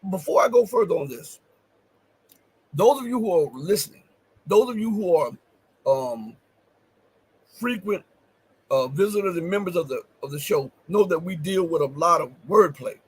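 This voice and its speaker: A man's voice: high voice, animated, normal speed, pauses often, breathy edge, rough recording. A man hosting a livestream, giving commentary, stressing key phrases by repeating them and asking viewers questions. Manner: addresses viewers directly with questions. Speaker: show host.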